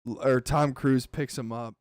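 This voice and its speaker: A man hosting a podcast, telling a story in a casual chat with animated, swearing delivery. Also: mid-range voice, unhurried, no echo, clean studio sound. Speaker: podcast host.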